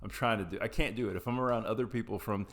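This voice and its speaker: Young adult man, low-pitched, from Appalachia; loose, digressive, profane storyteller talking straight to his viewers. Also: steady tone, very fast. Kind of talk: casual storytelling.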